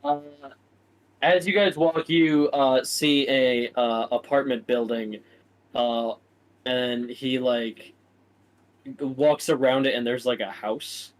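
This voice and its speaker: A male game master narrates a tabletop game in a mid-pitched voice. He rambles loosely and fills gaps with hesitations as he describes the scene. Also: fairly even intonation, slow pace, low-quality recording. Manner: rambling, many fillers.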